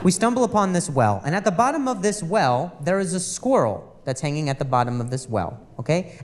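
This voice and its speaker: A man's voice: fairly high pitch, sing-song, brisk, few pauses, in a large hall. A man doing stand-up, telling an exasperated story on a comedy club stage. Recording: live club recording with audience noise.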